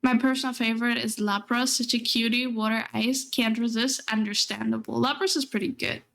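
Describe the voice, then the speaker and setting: A woman's voice: on the high side, steady tone, fairly quick, vocal fry, a bit bright. A young adult woman streaming, chatting casually and rambling, often laughing as she talks. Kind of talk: casual chat.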